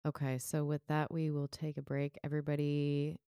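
A woman's voice: low voice, completely flat delivery, normal speed, mellow, smooth, no echo, clean studio sound. A woman hosting a podcast, talking candidly and playfully and laughing often. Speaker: podcast host. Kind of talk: casual podcast chat.

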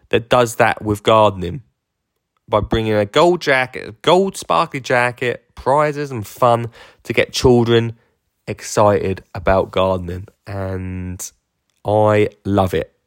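A man's voice: on the low side, dry recording, studio quality. A man hosting his own podcast, chatting enthusiastically and rambling with lots of fillers and restarts. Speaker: podcast host and garden entertainer. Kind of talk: casual podcast monologue.

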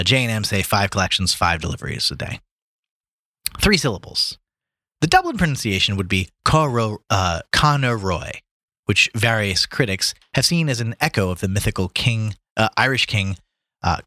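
A man's voice: on the low side, moderate pace, dry recording. A man reading a story aloud on a podcast, putting on voices for the characters and stumbling now and then before explaining the notes in a casual way. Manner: reads aloud with lively put-on voices for characters, stumbling over words. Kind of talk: casual reading and chat about a book.

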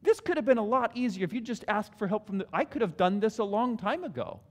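A man preaching a sermon in a hall, animated, acting out prayers in different voices. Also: high-pitched, fast. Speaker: pastor. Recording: long hall reverb.

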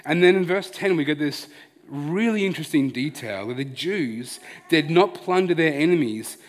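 A man's voice: on the high side, lively intonation, normal speed. Male pastor, earnest and chatty, preaching in a reverberant hall. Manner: earnest, conversational preaching with restarts. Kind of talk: sermon.

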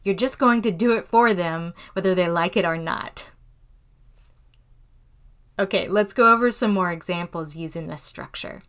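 A woman hosting a podcast English lesson, reading example phrases slowly and clearly. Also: fairly low pitch, fairly bright tone. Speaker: English teacher and podcast host.

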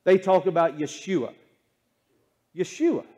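A male pastor preaching a sermon in a church, using call and response and swinging between hushed and impassioned delivery. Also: fairly high pitch, slow pace, long pauses. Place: church sanctuary.

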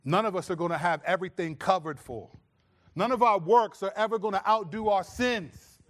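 Pastor, middle-aged man, lively sermon delivery, a little high-pitched. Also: normal speed. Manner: animated storytelling, acts out his own scolding voice.

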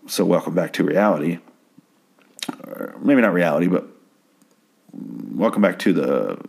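Very low-voiced man, profane rambling recap. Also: creaky, darkish tone. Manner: profane, chatty, acts out characters' lines. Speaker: TV episode recap host.

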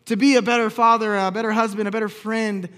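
High-voiced man preaching a personal story. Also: flat delivery, quick pace, fairly bright tone. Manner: storytelling, acts out quoted dialogue with humor. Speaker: pastor.

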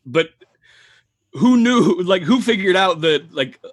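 Man, husky voice, slightly high, dry close sound, rambling casual chat, animated storyteller. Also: slow pace, no echo. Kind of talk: casual chat about music.

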